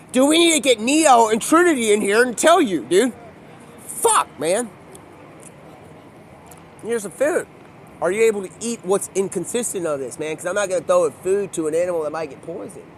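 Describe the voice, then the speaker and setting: A young man with a notably high voice rambles through a profane, excitable monologue, sliding from low mumbles into loud outbursts. He talks outdoors with faint city sound in the background. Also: moderate pace, pauses often, a little hiss or hum.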